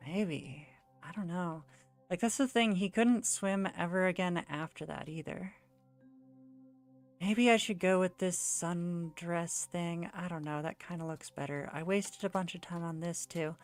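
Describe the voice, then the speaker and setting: A woman's voice: lowish voice, a little slow, soft background music. A young woman streaming while she draws, telling a rambling story in casual chat full of "like" fillers. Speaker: art streamer.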